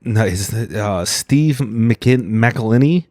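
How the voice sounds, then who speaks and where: A man chatting as a podcast guest, animated and full of jokes and fillers. His voice sits on the lower side, recorded close on a dry podcast mic. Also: slow pace, no room sound. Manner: animated, jokey, lots of fillers. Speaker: comedian guest. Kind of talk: casual podcast chat.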